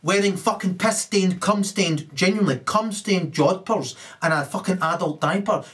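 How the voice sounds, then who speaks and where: A man's voice: high voice, normal speed, a bit bright. A man in a rambling, ranting monologue, constantly tagging his points with questions. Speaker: commentator.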